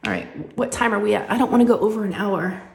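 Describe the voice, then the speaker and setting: A woman, chatting casually and telling animated family stories while she crafts at home. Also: medium pitch, fast, vocal fry, echoey room. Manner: chatty, animated, says "y'all" often. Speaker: crafting vlogger and mother.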